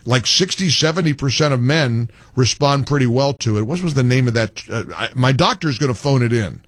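Animated older male radio host. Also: medium pitch, fairly quick, dry recording. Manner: animated, exasperated, joking. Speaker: radio talk show host. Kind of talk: call-in radio talk.

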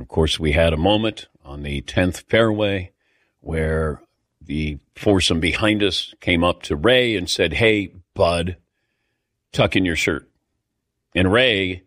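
A man's voice: fairly low pitch, fairly bright tone, no echo, studio quality. A middle-aged man hosting a sports talk show, telling a rambling, indignant, self-mocking story in a casual way. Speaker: sports radio host.

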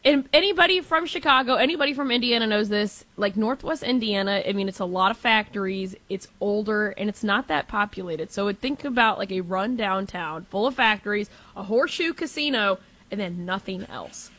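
A woman's voice: medium pitch, fairly quick, sharp tone. A young woman co-hosting a casual sports talk show, chatty and blunt with her opinions. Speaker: co-host.

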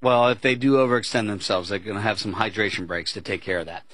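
A man's voice: on the low side, quick pace, fairly bright tone, no echo. A man hosting a sports betting talk show, chatting casually with asides and tangents. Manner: chatty, conversational, fond of asides.

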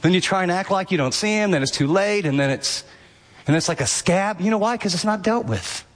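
A man preaching a sermon on a radio broadcast, animated, acting out the inner voices of his listeners. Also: sits high, fairly quick, long reverb tail. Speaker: pastor.

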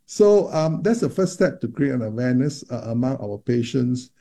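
Gravelly, dark-toned doctor explaining patiently. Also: male voice, medium pitch, sing-song, moderate pace. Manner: explanatory, many repeated words and restarts. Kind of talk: interview about menopause research.

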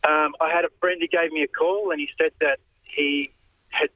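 A man calling in to a radio show, telling a story haltingly with many fillers. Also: on the high side, fairly even intonation, dry recording, narrow, tinny audio. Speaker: radio caller. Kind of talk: casual storytelling on the phone.

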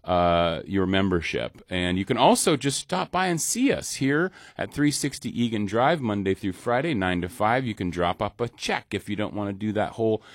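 A man hosting a local public radio pledge drive in the studio, chatting casually with a deep morning voice. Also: normal speed, hardly any pauses, no echo. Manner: relaxed, chatty, with fillers. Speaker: radio host. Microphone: studio mic.

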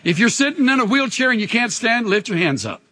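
Impassioned older pastor in echoey church. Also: male voice, extremely high pitch, sing-song, a little fast, pushed and bright. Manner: impassioned, leads call-and-response. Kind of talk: sermon. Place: church sanctuary.

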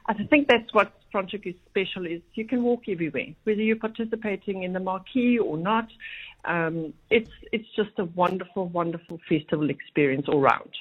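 A woman's voice: mid-range voice, brisk, breathy edge. A woman talking about a festival she helps run, chatty and rambling with many restarts. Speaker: festival organiser guest. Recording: tinny phone line.

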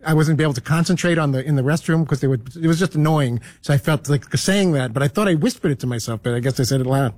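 A man with a New York accent, a regular on a radio show, telling a story in halting bursts with many restarts. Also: fairly high pitch, darkish tone, no room sound. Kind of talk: rambling storytelling.

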